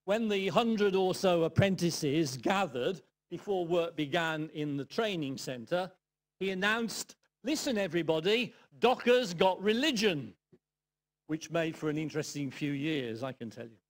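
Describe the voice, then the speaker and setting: An older man from England giving a sermon, telling a personal story in a reflective way with dry humour and soft asides. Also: on the high side, expressive, measured pace. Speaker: guest preacher.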